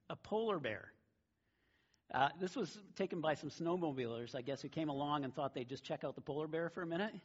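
A middle-aged man delivers a sermon in a casual, storytelling manner, his voice a bit husky and breathy. The recording sounds dull and lo-fi. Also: on the high side. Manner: conversational storytelling with a warm laugh. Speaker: pastor.

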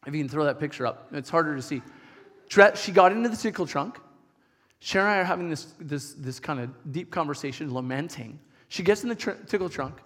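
A middle-aged pastor with a notably high voice tells stories from the pulpit in a lively, chatty sermon, frequently restarting his sentences. A long reverb makes his voice ring out as though filling a church hall.

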